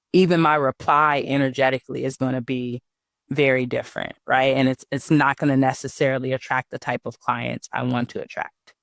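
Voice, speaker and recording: A man's voice: medium pitch, a bit bright, dry recording, clean studio sound. A man coaching business owners in a casual online teaching talk, conversational and often checking in with his listeners. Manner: conversational, often asks "right?" and says "y'all".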